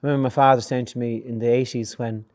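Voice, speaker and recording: Middle-aged Irish male host: anecdotal, easygoing, with a warm voice recorded dry and close. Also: mid-range voice, little pitch movement, fast talker, no room sound. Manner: chatty storyteller, laughs through anecdotes. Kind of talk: conversational interview.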